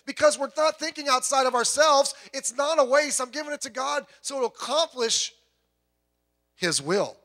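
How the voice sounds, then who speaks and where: A man preaches as pastor at a moderate pace, animated throughout. He stumbles through restarts, dramatizes quotes and shifts between loud bursts and soft, low asides.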